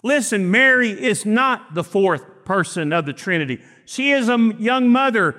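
A man, preaching a sermon and telling stories with acted-out dialogue and slow, emphatic phrasing. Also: high-pitched, animated, pushed and bright. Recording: long reverb of a church hall.

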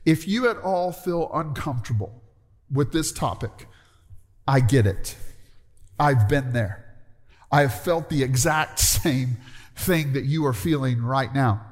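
A man's voice: mid-range voice, lively intonation, measured pace, long pauses. A middle-aged man preaching a conversational sermon and calling out for amens from the congregation. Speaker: pastor. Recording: long hall reverb.

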